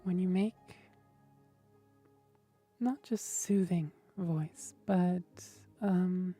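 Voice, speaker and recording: A woman streamer in casual livestream chat, explaining voice technique in a gentle, thoughtful way and often checking in with "right?". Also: on the low side, extremely slow, pauses often, soft background music. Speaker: streamer host.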